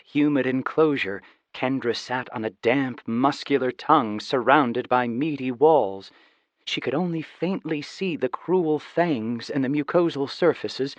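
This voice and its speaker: A man narrating a fantasy audiobook in steady, scripted storytelling. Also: mid-range voice, no room sound. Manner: even, steady storytelling with voiced dialogue. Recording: slightly dull, dry studio recording.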